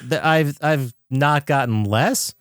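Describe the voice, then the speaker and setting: A man's voice: medium pitch, slow, fairly bright tone, smooth. A man co-hosting a podcast in casual chat, making dry, joking asides. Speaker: podcast co-host.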